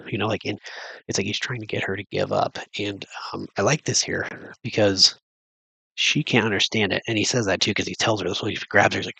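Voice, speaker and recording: Gravelly man rambling through a film recap. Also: fairly low pitch, steady tone, fast, pushed and bright, no room sound, low-quality recording. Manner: rambling, full of fillers and restarts. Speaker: movie reviewer. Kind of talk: casual spoken film recap.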